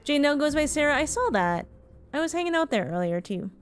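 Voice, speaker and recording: Chatty Canadian woman streamer, fairly high voice. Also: sing-song, brisk, faint music behind. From Ontario, Canada. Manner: chatty, frank, swears casually. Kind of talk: casual live-stream chat while gaming.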